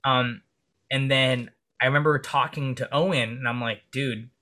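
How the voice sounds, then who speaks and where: A man speaking as a police officer and podcast guest. He tells energetic stories in casual interview chat and swears freely. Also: normal speed. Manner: acts out dialogue in comic high voices.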